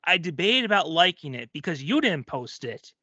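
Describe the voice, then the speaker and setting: Animated, laughing male podcast host. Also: fairly high pitch, moderate pace, no echo, highs cut off. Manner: animated, laughs often, acts out quotes. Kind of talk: comedic storytelling chat.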